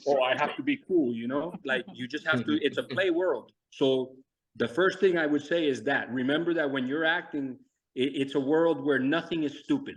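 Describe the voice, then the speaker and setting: A man's voice: medium pitch, normal speed, a bit bright, low-quality recording. A middle-aged man, a guest actor, talking earnestly and thoughtfully about his work in a casual interview over a video call. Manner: earnest, self-reflective, acts out quotes.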